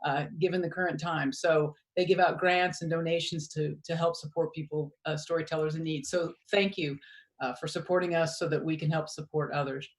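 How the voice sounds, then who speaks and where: A woman's voice: deep voice, steady tone, a little fast. A woman emceeing a storytelling evening in a chatty, thankful, casual way. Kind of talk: casual hosting.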